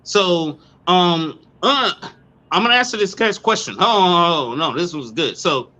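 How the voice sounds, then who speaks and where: A man in a casual online talk, telling a story in a loud, profane and animated way, stumbling over repeated words. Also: high-pitched, a little slow. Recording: dull lo-fi sound.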